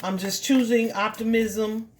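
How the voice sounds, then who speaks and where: A woman's voice: a little high, steady tone, measured pace, a little mellow, a little hiss or hum. Woman doing a tarot reading, chatty, reassuring, lots of um and like. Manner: chatty, reassuring, many fillers and restarts. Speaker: tarot reader. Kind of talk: casual tarot reading to viewers.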